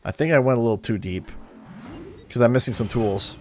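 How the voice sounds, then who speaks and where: A man's voice: medium pitch, fairly quick, a little mellow, faint music behind. A man from Canada chatting casually while live-streaming a video game, playfully exaggerated and sing-song when he complains. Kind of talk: gaming livestream chat.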